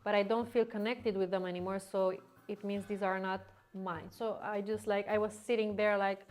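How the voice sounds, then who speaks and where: A woman's voice: medium pitch, moderate pace, a little mellow, faint music behind. A woman vlogger casually retelling a personal story to the camera, rambling with many fillers and restarts.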